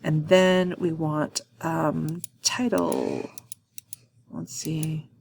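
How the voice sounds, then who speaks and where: A woman walking through a software task in a screen-recorded tutorial, thinking aloud with frequent ums and quick self-corrections. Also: low voice, little pitch movement, vocal fry, slight background noise. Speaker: instructor.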